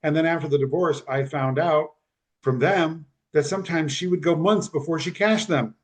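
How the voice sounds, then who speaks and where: A man on a podcast retelling a personal story, halting and repeating himself, close to tears. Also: on the high side. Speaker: podcast guest.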